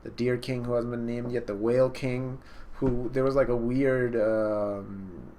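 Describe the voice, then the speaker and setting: A man casually and excitedly recapping a comic chapter in slangy talk during a live stream, jumping into the characters' lines. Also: medium pitch, unhurried, slight background noise. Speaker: online manga reaction host.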